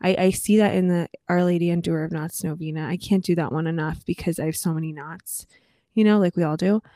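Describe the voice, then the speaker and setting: A young woman co-hosting a faith podcast, reflecting in a warm, affirming way. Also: on the low side, steady tone, a little fast, no room sound. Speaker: podcast co-host. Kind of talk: casual faith chat.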